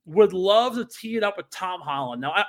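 A man's voice: high-pitched, lively intonation, a little fast. A young man co-hosting a podcast, chatting casually and telling a story with lots of fillers and restarts. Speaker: podcast co-host. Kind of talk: casual chat.

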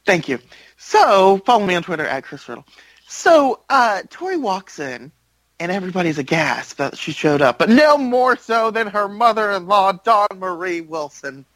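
A man co-hosting a podcast, telling a wrestling recap in a lively, animated way and acting out the lines. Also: high-pitched, normal speed, rough recording. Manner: animated storyteller, acts out quotes. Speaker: podcast co-host. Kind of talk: casual chat recapping wrestling.

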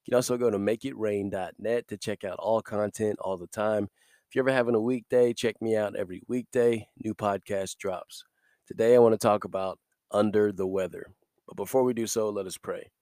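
Male devotional podcaster, a little stuffy from a cold, low-pitched, recorded dry and close. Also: fairly even intonation, fairly quick, warm tone, no echo. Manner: upbeat and preachy, laughs between points. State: recovering from a cold. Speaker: podcast host.

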